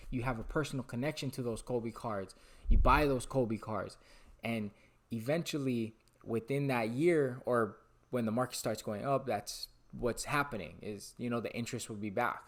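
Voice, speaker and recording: Excitable rambling young man vlogging. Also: medium pitch. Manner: excitable, rambling, loses his train of thought. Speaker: sports card vlogger. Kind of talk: casual talking-head monologue.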